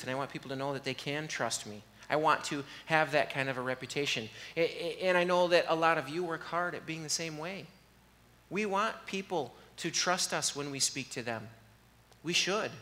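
A man preaching an earnest, conversational sermon in a church and leading a soft, slow prayer. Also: on the high side, long reverb tail. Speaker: pastor. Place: church sanctuary.

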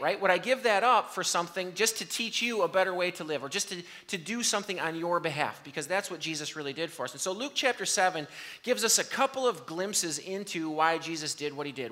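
A man's voice: sits high, quick pace, pushed and bright. A male pastor preaching a sermon, asking the congregation questions and bantering with them.

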